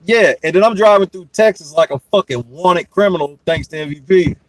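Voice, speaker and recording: Young guy host rambling through road trip stories, cussing a lot, kinda high voice, lively. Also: fairly quick, no room sound, poor audio. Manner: profane, animated, laughing storyteller. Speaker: podcast host. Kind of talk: casual storytelling chat.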